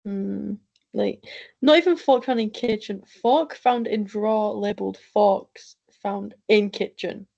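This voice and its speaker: A woman co-hosting a casual podcast, dry and sarcastic with a deadpan delivery. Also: medium pitch, measured pace, creaky, dull audio. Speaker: podcast co-host. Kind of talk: casual chat.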